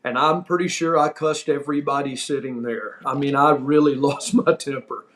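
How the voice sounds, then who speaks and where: A man's voice: medium pitch, steady tone, normal speed, a bit bright. A middle-aged man hosting a podcast, telling a backstage story in a casual, emphatic way and laughing now and then as he talks. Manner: emphatic, repeats himself for effect. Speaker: podcast host.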